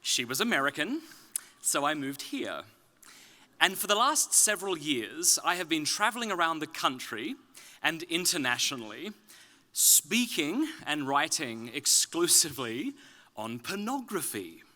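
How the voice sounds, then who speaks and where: Forceful bright-voiced man from Australia. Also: on the high side, big pitch swings, a little slow. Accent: softened Australian, slightly British-leaning. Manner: joking, then earnest and explanatory. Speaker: speaker. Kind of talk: conference talk with self-deprecating humor. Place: conference stage.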